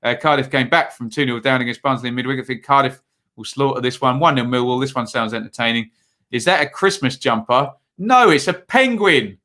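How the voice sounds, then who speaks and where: A man with a bright, forceful voice hosts a relaxed football preview stream. He talks in a loose, chatty way, often pausing on filler words while reading out viewer comments. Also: mid-range voice. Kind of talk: casual livestream chat.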